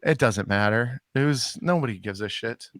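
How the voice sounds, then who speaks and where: A man co-hosting a comedy podcast, chatting in a halting, deadpan way with many fillers. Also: medium pitch, dry recording. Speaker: podcast co-host. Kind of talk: casual chat. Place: Texas.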